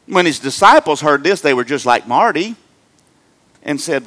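Middle-aged male pastor, bright, high voice with a wide swinging range, joking sermon delivery. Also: measured pace. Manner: animated, joking, swings between loud emphatic and low asides. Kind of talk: humorous sermon.

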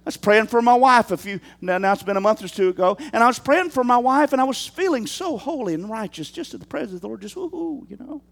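Male pastor, high voice with lots of swing, animated sermon delivery with calls to the church. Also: quick pace, creaky, hardly any pauses. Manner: animated preaching, rhetorical questions to the congregation.

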